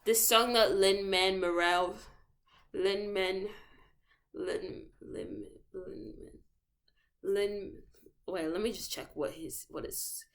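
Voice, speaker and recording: Speaking slowly in a mid-range, fairly bright voice, a young woman vlogs with frequent pauses. Her talk is loose and rambling, full of self-interruptions, topic jumps, and playful slang.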